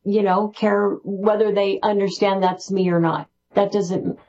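Slow-speaking woman guest on a dull line. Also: mid-range voice. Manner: excited, rambling with restarts. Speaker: spiritual author guest. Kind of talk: interview answers.

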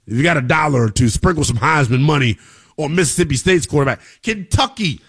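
A man's voice: a little high, expressive, husky. A man hosting a live college football talk show, hyped and jokey, talking straight to viewers and reading out score updates. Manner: hyped, hollering, jokey with quick drops to mutters; talks straight to viewers, reads scores and chat comments.

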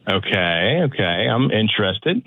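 A man with a deep booming voice, a prank call target who sounds more and more incredulous. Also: big pitch swings, measured pace, slightly rough. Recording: dull, dry phone line.

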